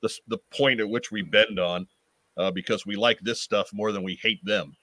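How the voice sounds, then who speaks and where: Bright-voiced man hosting a chat show. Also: lowish voice, steady tone, normal speed, dry recording. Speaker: podcast host. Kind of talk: casual chat on a live video call show.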